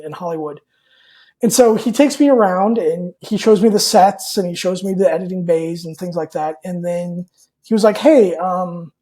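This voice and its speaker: A man's voice: high-pitched, a little mellow. A man guest on a podcast telling a personal story in a candid, rambling way, full of fillers and repeated words. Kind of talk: casual storytelling in an interview.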